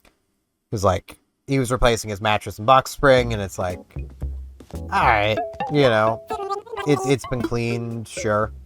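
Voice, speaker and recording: A man's voice: medium pitch, a little slow, fairly bright tone. A man rambling casually while playing a video game, chatty and self-deprecating, with game music behind him. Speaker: gaming vlogger. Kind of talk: casual gameplay commentary.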